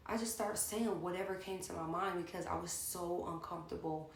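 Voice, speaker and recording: A young woman telling a personal story to her viewers in a chatty, animated way, turning to the audience again and again, recorded at home. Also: fairly low pitch, brisk, creaky, reverberant, slight background noise. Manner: animated and chatty, keeps addressing the audience directly. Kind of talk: storytime vlog. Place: at home indoors.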